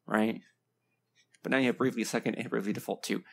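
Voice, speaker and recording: Gravelly man giving blunt game reactions. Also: lowish voice, steady tone, quick pace. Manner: blunt, opinionated, lots of ums and laughs. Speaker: video game reaction host. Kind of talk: casual reaction commentary.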